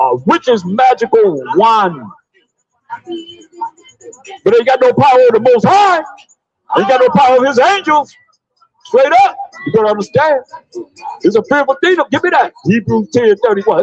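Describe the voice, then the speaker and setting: A man preaching loudly outdoors on a city sidewalk, calling out verses for a reader to read. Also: high-pitched, husky, highs cut off. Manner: loud, preachy, calls on a reader and repeats the verses. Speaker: street preacher. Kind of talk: open-air street preaching.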